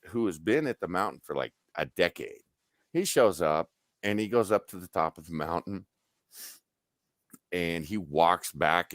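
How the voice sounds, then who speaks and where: Lively, profane male storyteller. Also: deep voice, no room sound, clean studio sound. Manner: animated, profane, acts out quoted dialogue. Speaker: guest on a stream. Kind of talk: casual storytelling.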